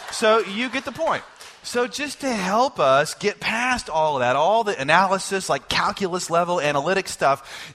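A man preaching to his church in a high, lively voice that leaps around in pitch. His tone is bright, and he jokes with the congregation, slipping into short acted voices when he quotes people. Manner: animated, joking, acts out quoted voices. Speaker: pastor. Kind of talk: sermon. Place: church service.

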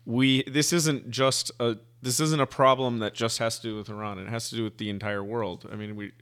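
A man's voice: mid-range voice, steady tone, brisk, fairly bright tone. A man, a physicist guest, explaining his views in a thoughtful, hesitant way with many fillers. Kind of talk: casual conversation.

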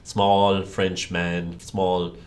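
Deep-voiced joking man. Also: flat delivery. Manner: playful, joking, halting with fillers. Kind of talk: casual chat.

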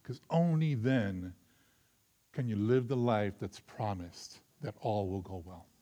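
A man preaching a sermon with earnest conviction, moving between loud emphatic stretches and quiet reflective ones before closing in prayer. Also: on the low side, slow. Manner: closes in prayer. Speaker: pastor.

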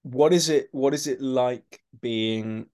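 Animated London man telling stories. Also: medium pitch, slow. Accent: London English. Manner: animated storyteller, acts out quoted voices, many restarts. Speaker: actor guest. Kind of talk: podcast interview anecdotes.

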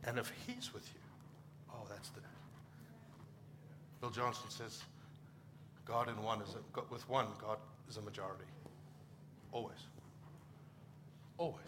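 A man's voice: lowish voice, fairly even intonation, measured pace, long pauses, noisy background. A middle-aged man from Africa, a pastor preaching a conversational sermon and acting out short quoted exchanges.

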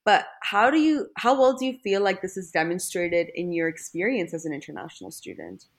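A woman's voice: fairly low pitch, expressive, fairly quick. A young woman from India, a postgraduate student, asking interview questions and relating them to her own experience. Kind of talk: conversational interview.

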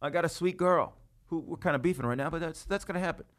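Comedian-host, male, 30s, casual banter, animated delivery. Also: on the high side, fast talker. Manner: animated, swings loud and soft, swears freely. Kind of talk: casual chat.

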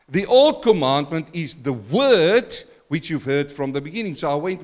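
A middle-aged male pastor preaching a sermon, animated and talking straight to his congregation. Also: on the high side, normal speed. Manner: animated, talks directly to the congregation and to the apostle.

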